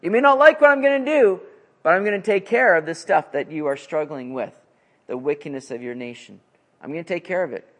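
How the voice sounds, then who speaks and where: A man voicing God as a calm, firm male figure, speaking lower and in a measured way. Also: lightly acted.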